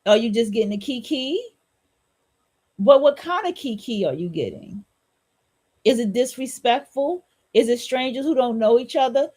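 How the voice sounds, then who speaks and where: A woman's voice: a little high, animated, moderate pace, a little mellow, breathy edge. A woman hosting a solo podcast, talking in a blunt, repetitive, preachy and profane way. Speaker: podcast host.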